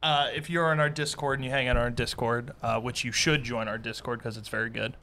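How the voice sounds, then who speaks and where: A man's voice: mid-range voice, fairly even intonation, brisk, pushed and bright. A man co-hosting a casual podcast, telling a story and acting out his friends' lines. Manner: storytelling, acts out friends' voices. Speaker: podcast co-host.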